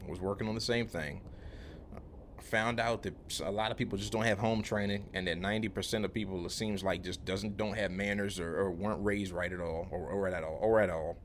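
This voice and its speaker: Young guy vlogging about his job, lowish voice, lots of likes and you knows, just rambling. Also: fairly even intonation, a little fast, slight background noise. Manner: rambling, lots of fillers and restarts, laid-back slang. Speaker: vlogger, electrical apprentice. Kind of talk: casual storytelling vlog.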